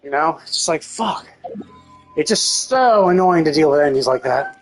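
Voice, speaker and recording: A woman's voice: low voice, lively intonation, moderate pace, soft background music. A woman streamer giving live gameplay commentary, swearing often as she rants about the game in exasperation. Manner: profane, exasperated ranting.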